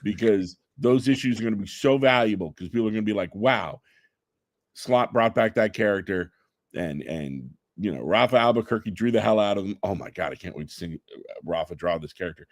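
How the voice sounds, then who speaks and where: A middle-aged man chatting excitedly in an interview, telling stories fast with stammered restarts. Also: lowish voice, dry recording, clean studio sound. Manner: enthusiastic, rapid storytelling with stammered restarts. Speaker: comic book writer guest. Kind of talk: excited podcast interview chat.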